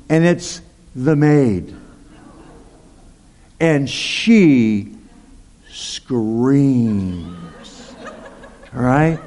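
A man's voice: medium pitch, lively intonation, drawn-out words, pauses often, darkish tone. A male pastor preaching a sermon, telling a personal story in a chatty way with asides like "okay?" and "right?". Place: large church hall. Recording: long hall reverb.

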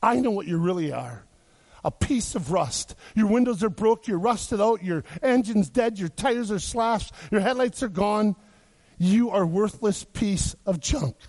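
Preacher doing a blunt suspicious farmer guy, scornful, kinda high voice. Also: expressive, measured pace, darkish tone, full character voice. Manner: scornful, scolding.

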